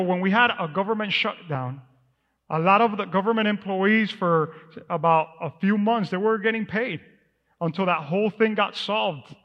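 High-voiced pastor preaching in a reverberant hall. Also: male voice. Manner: conversational, storytelling with asides and laughs. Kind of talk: sermon. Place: church sanctuary. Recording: muffled sound with long hall reverb.

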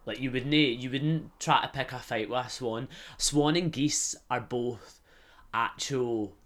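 This podcast host is a young Scottish man with a Glasgow accent, chatting in a loose, meandering, foul-mouthed comic style. He takes his time, and his medium-pitched voice has a fairly bright quality.

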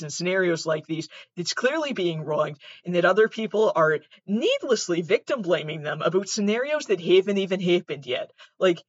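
A man's voice: fairly high pitch, fairly bright tone, dry recording. A man hosting a podcast, reacting to online clips in a rambling, sweary, exasperated way with lots of restarts. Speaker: podcast host. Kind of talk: casual reaction commentary. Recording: dull, muffled, dry sound.

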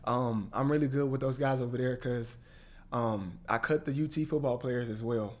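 Animated man telling a story. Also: mid-range voice, normal speed. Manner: animated storyteller, acts out quoted voices. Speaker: guest. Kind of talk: storytelling interview.

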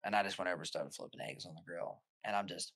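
Forceful, rambling male podcast guest. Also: deep voice, fast talker, creaky, no echo. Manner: rambling, animated, restarts often while retelling quotes. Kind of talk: casual storytelling chat.

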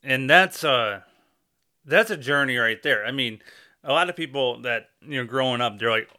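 A man's voice: mid-range voice, animated, normal speed, sharp tone. A man hosting an interview, asking casual, conversational questions. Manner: conversational, prompting with short questions. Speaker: interview host.

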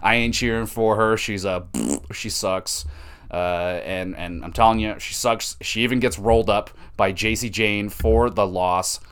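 A man's voice: lowish voice, a bit bright, clean tone. A young man hosting a podcast, giving a casual, profanity-laced, opinionated recap of a wrestling show. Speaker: podcast host.

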